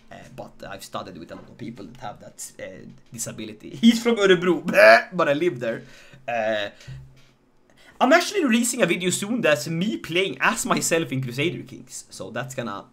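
A man with a Swedish accent commentating his live game stream, joking and animated as he talks to chat. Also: fairly high pitch, moderate pace.

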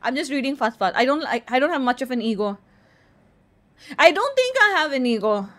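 A woman's voice: high-pitched, sing-song, a little fast, a bit bright. A woman with an Indian accent, chatting casually on a livestream, playful and boastful as she reads quiz statements aloud and answers them. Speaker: streamer.

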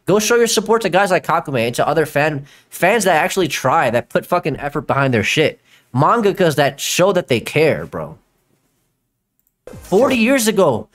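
A young man hosting a live stream reaction, ranting loudly and exasperated, with a sore throat from yelling. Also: fairly high pitch, big pitch swings, brisk. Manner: loud, exasperated ranting with profanity and laughter. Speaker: YouTube commentator reacting to a video.

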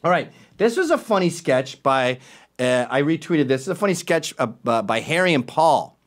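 A man's voice: a little high, normal speed. A man hosting a talk show, commenting casually and sarcastically on tweets and clips. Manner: animated, sarcastic asides. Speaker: show host.

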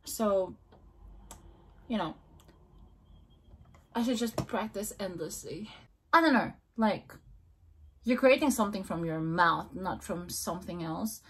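A woman's voice: mid-range voice, lively intonation, takes it slowly, pauses often, fairly bright tone, a little hiss or hum. A woman vlogging casually and talking to herself, hesitant, repeating beatbox syllables over and over.

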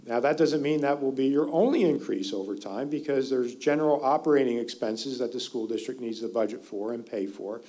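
A man presenting school district finance figures at a public community forum, in a steady explanatory way that stresses key words. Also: mid-range voice, a little fast, few pauses. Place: school meeting hall.

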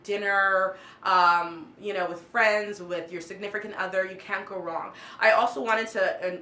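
A woman chats through a fashion haul in a bright, forward voice, gushing with enthusiasm and repeating her praise. She sounds casual and eager. The sound carries noticeable room echo. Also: mid-range voice. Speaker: fashion vlogger.

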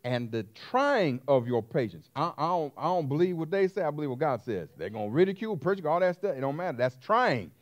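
A man's voice: on the high side, big pitch swings, fast talker, few pauses, highs cut off. A man preaching a sermon as pastor, emphatic and repetitive, calling out questions to his congregation.

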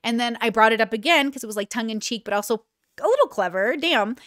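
A woman in her thirties talks through her podcast in a casual, frank, self-mocking way. Her voice sits a little high. The sound is dry and close, with no room in it. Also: lively intonation, quick pace, fairly bright tone, no room sound. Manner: candid, chatty, self-deprecating. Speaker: podcast host.

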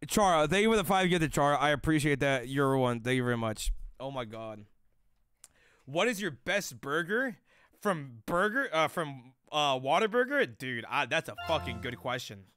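A man's voice: fairly high pitch, big pitch swings, normal speed, fairly bright tone, smooth, no echo, clean studio sound. A young man streaming live, chatting loosely with chat in rambling, profane slang.

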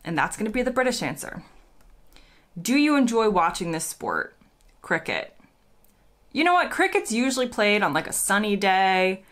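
An American woman, a vlogger, chatting casually and playfully as she reads quiz questions aloud and thinks out loud. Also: medium pitch, big pitch swings, normal speed, long pauses. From United States.

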